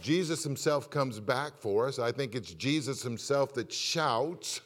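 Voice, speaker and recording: A middle-aged male pastor delivers a sermon with a voice of ordinary pitch. He swings between raised, emphatic declarations and quiet, confiding asides. He keeps turning to the congregation with direct questions. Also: expressive, measured pace, few pauses.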